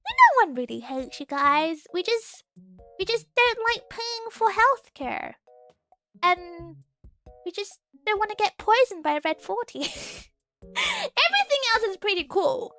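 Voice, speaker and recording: A woman chatting casually with her live chat as a streamer host, giggly and excitable, laughing often as she talks. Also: very high-pitched, measured pace, faint music behind.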